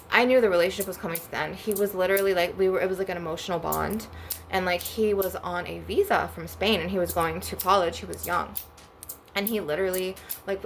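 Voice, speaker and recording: A woman's voice: fairly low pitch, slight background noise. A young woman rambling bluntly and profanely through a casual storytime rant on her spiritual channel. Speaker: spiritual vlogger.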